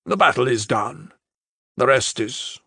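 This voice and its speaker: Brief: emotionless inhuman general, gravelly and flat, unhurried, read by a man. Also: medium pitch, dry recording, clean studio sound, heavily acted. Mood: cold.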